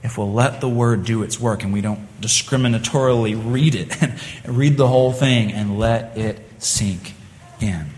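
A man's voice: mid-range voice, moderate pace, darkish tone. A man preaching a sermon in an earnest, conversational way, often restarting his phrases. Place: church hall. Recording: long reverb of a church hall.

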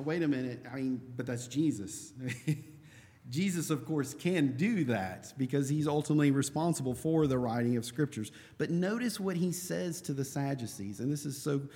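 A man's voice: a little high, darkish tone, in a large hall. A man teaching a Bible class in an earnest way, asking questions and answering them himself.

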